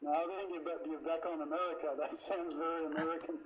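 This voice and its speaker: A man from Australia with an Australian accent, a guest in a casual chat, talking in a relaxed, offhand way. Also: fairly high pitch, fast talker. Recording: dull lo-fi sound with faint hiss.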